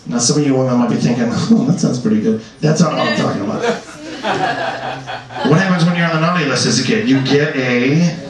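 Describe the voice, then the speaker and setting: A young man doing a crude stand-up comedy set in a comedy club, often jumping into shouted voices. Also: mid-range voice, quick pace, pauses often. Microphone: handheld stage mic. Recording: echoey club from far off, crowd.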